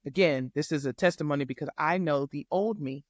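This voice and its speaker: A woman guest on a podcast, a life coach, telling a faith testimony in an animated, emphatic way and acting out the dialogue. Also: sits low, a little fast, no room sound, studio quality. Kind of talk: faith testimony storytelling in casual chat.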